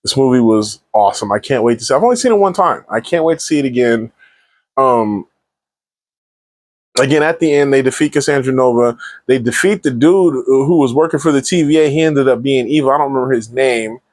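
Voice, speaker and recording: An excited man talks through a movie review in a loose, rambling way, circling back and restarting sentences. His voice sits at an everyday middle pitch. The sound is dry and close. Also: a little fast, dry recording. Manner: enthusiastic, rambling with frequent restarts. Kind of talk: casual solo movie review.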